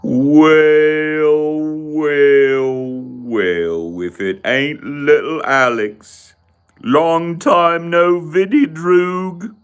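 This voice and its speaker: A man's voice: on the high side, very slow, clean tone, voice pushed up. A man putting on a menacing young street thug from a film, drawling and taunting.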